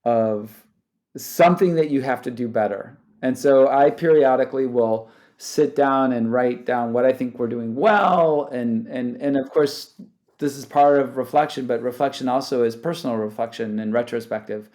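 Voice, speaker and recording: A man's voice: medium pitch, moderate pace, a little mellow. A man speaking as a podcast guest, talking animatedly, often restarting sentences and laughing. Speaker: guest, startup founder. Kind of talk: conversational interview.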